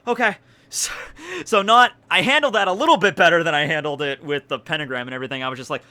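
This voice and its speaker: An excitable man in his twenties tells a story with a bright, forceful voice. He swears freely as he goes, and his voice sits a little high. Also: fast. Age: 20s. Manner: excitable, swears often, laughs through the story. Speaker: YouTuber. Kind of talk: casual storytelling vlog.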